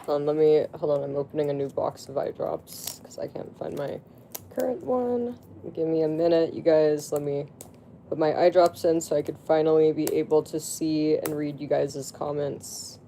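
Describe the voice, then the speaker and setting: Casual live streamer at medium pitch, rambling with constant fillers and coarse swearing at chat. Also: steady tone, moderate pace, warm tone, slight background noise. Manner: rambling, heavy with fillers and restarts; crude, profane outbursts at chat.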